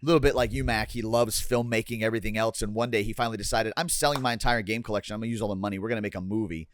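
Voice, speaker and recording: A man with a fairly low voice talks in an earnest, rambling way on a podcast, often circling back as he tells a story. His voice is recorded dry and close, with no room sound around it. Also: fairly even intonation, racing, dry recording. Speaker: podcast co-host. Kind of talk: casual chat.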